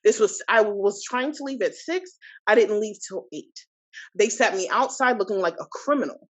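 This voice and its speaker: A woman in her thirties, a podcast guest, recounting a personal experience in an animated, indignant way with many asides. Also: mid-range voice, normal speed. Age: 30s. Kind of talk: personal storytelling.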